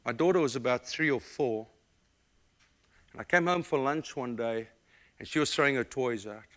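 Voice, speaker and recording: A middle-aged pastor from Africa preaches with real fire, his voice bright and ringing. He pushes hard on his points, then drops to a hushed, tender near-whisper. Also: mid-range voice, moderate pace. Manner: dynamic preaching, swings from loud emphatic to hushed and tender. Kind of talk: sermon.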